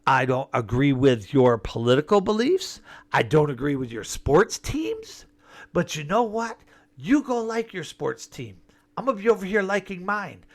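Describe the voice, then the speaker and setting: A man's voice: on the high side, big pitch swings, normal speed. A man delivering an emphatic, rambling political monologue with sarcastic asides. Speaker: political commentator.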